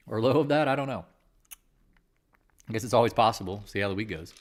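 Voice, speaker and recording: A man's voice: lowish voice, fast, background noise. A man hosting a live market chat, talking candidly and rambling, with casual swearing. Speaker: livestream trading host.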